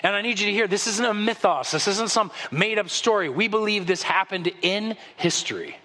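Male pastor, high and bright, animated sermon storytelling, reverberant church hall. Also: a little fast. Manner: animated storytelling, acts out voices. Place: church sanctuary.

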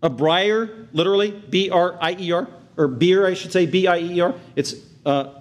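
A man delivers a sermon in a somewhat high voice. He sinks to quiet, tender passages and then climbs into loud, excited bursts as he acts out the crowd's outrage. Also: normal speed. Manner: earnest preaching, swings from hushed tender lows to loud excited highs. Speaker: pastor.

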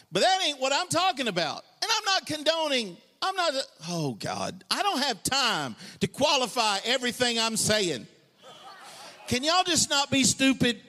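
Man preaching with a high, lively voice. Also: long reverb tail. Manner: passionate preaching, swings from quiet asides to shouted, sung-out lines; colloquial, joking asides to the congregation. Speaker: pastor. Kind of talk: sermon. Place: church sanctuary.

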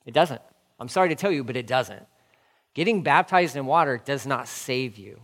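A man's voice: mid-range voice, expressive, moderate pace, fairly bright tone, big-room sound. A man preaching a sermon as a pastor, fired up, repeating his phrases and firing off rhetorical questions.

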